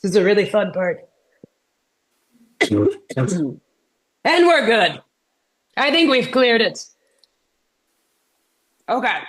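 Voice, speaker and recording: A Texas comedian in her thirties gives a keynote talk as a chatty, self-deprecating storyteller while recovering from a sinus infection. Her voice is a little high and very animated, and she speaks slowly with long pauses. It's a remote presentation.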